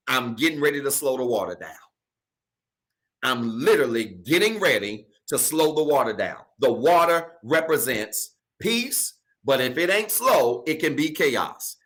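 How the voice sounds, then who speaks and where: A preacher with a bright, fairly high voice delivers a Sunday sermon. He keeps putting questions to his listeners and repeats lines again and again, climbing into hollers before dropping back down. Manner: preaching with call-and-response questions, building to shouts. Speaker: pastor. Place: church stage.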